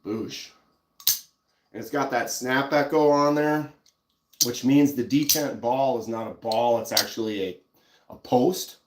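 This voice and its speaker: A man's voice: medium pitch, unhurried, echoey room, a little hiss or hum. A man with a Minnesotan accent, hosting a casual live stream and chatting easily while showing pocket knives. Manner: relaxed, chatty, reads out viewer comments.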